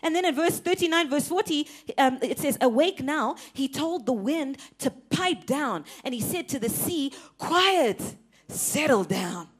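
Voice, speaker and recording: A young woman preaching a sermon, animated and emphatic, laughing often and repeating words for effect. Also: sits high, normal speed, hardly any pauses.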